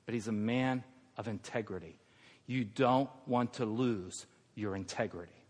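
An older man preaching a sermon as pastor, moving from hushed, tender lines to loud, emphatic ones. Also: lowish voice, measured pace. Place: church sanctuary. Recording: long reverb of a church hall.

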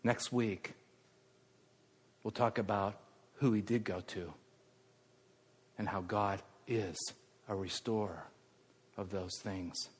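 A middle-aged man preaching a sermon as a pastor, moving between raised, emphatic passages and hushed, near-whispered ones. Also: on the low side, steady tone, slow pace, long pauses, slightly rough. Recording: long hall reverb.

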